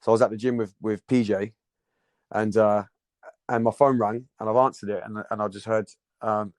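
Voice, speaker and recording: A man's voice: lowish voice, fairly even intonation, normal speed, darkish tone, no room sound. A man, a football captain telling stories in a rambling, slangy way as a podcast guest. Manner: rambling, repeats words, slangy banter. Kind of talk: casual storytelling chat. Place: podcast recording.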